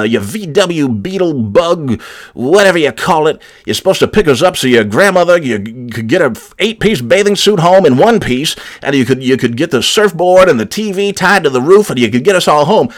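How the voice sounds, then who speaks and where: A man doing a sputtering, swearing uncle. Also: on the high side. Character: ranting angry uncle, former baseball announcer. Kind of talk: prank voicemail comedy.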